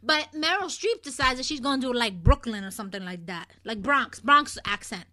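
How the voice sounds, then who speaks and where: High, bright-voiced blunt woman. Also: fairly quick. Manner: blunt, animated, laughs often. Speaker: podcast co-host. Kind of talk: casual chat.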